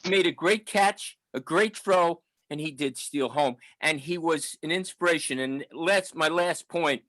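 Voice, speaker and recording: A seventies-aged man reminisces in a loose, rambling way, full of fillers and restarts. His voice sits a touch higher than most men's. The sound is close and dry, with no room around it. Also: unhurried, a bit bright, no room sound, poor audio. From New York, the Bronx. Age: 70s. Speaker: audience member at a book talk. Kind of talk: casual storytelling.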